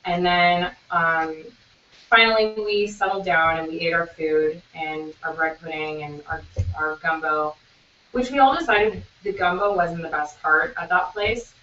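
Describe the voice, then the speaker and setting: A woman's voice: lowish voice, a little slow, sharp tone, a little hiss or hum. A young woman chattily telling a story over dinner, full of "like" and "um," with frequent laughs. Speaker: podcast co-host. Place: restaurant table. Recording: dull, echoey, from a distance.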